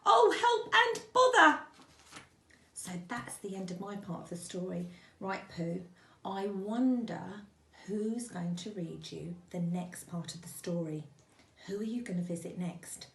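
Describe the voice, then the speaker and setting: A woman's voice: lowish voice, measured pace, creaky, dark tone, a little hiss or hum. A woman teacher at home reading a storybook aloud to young children, chatting to a toy bear between parts. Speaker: primary school teacher. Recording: echoey room.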